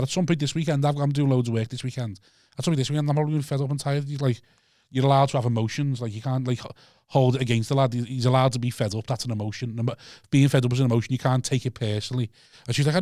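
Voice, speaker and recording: A man with a Liverpool accent telling a sweary, animated story on a podcast, acting out his own shouting. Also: medium pitch, quick pace, dry recording, studio quality. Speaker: podcast co-host and stand-up comedian. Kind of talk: casual chat, storytelling rant. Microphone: studio mic.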